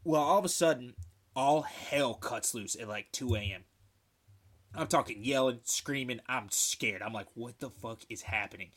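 A man telling a profane, animated story in casual chat. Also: mid-range voice, a little slow.

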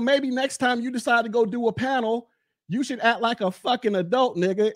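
High-pitched man ranting into a dry mic. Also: dry recording. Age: 40s. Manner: mocking, heated, repeats taunts. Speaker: podcast host. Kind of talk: casual commentary rant.

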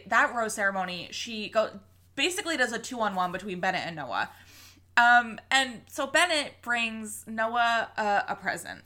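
Woman gossiping about a tv episode, bright higher voice, swears a lot, acts out quotes. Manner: animated, swearing, quoting people. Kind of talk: casual chat recapping a TV show.

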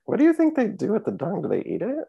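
A man's voice: high voice, huge pitch swings, fast, gravelly, slightly rough, highs cut off. A man co-hosting a podcast, chatting casually, hesitant and often apologizing. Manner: apologetic, hesitant, lots of fillers. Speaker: podcast co-host. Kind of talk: casual chat.

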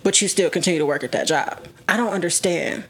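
A woman's voice: lowish voice, quick pace, breathy edge. A woman co-hosting a casual podcast chat, blunt and opinionated. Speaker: podcast co-host.

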